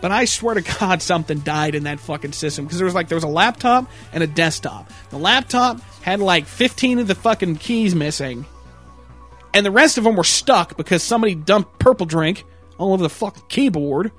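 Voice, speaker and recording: A man's voice: lively intonation, fairly quick, fairly bright tone, soft background music. A young man doing a crude, exasperated comic rant about fixing computers, swearing often and laughing mid-sentence. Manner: mocks customers in a shrill put-on voice. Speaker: computer repair guy ranting.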